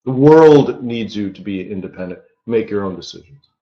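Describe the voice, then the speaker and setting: A man hosting a live trading stream, chatty and rambling, tired, rattling off quick disclaimers. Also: on the low side, animated, echoey room, lo-fi sound. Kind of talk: casual live-stream teaching talk.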